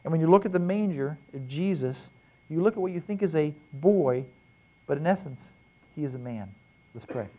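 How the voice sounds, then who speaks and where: A man's voice: fairly high pitch, lively intonation, moderate pace. A middle-aged man preaching a sermon to men, telling family stories, quoting his father and asking rhetorical questions. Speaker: preacher at a men's gathering. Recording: tinny phone-like sound.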